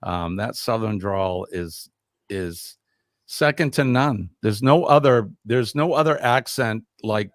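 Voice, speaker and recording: A man's voice: fairly low pitch, animated, slow pace, dry recording, studio quality. A man hosting a casual live quiz stream, reading viewer comments aloud in an upbeat way.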